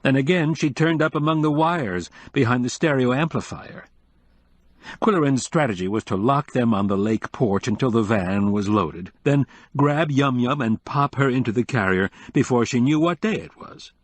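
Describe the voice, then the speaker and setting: A man reading a cozy mystery novel aloud in a steady, measured storytelling manner. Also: medium pitch, no echo. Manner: steady, measured storytelling with light character voicing. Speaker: audiobook narrator. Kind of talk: scripted narration.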